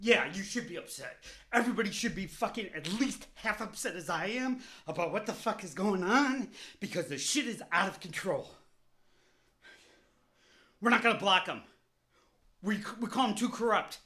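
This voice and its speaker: A man on his own vlog, ranting in anger about politics. His voice sits high for a man, and he swears constantly, circles back and repeats himself as the fury builds. He sounds openly pissed off throughout. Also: animated, moderate pace, bright, forceful tone. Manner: heated, profane, repetitive ranting. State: openly angry. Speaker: vlogger. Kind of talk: angry political rant to camera.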